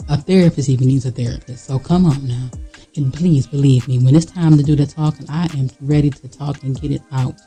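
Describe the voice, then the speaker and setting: Husky, very dark-voiced blunt vlogger. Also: mid-range voice, a little fast, faint music behind, poor audio. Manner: emphatic, blunt and preachy, talking straight to the viewer; casual slangy speech with fillers and repeats. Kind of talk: candid motivational monologue.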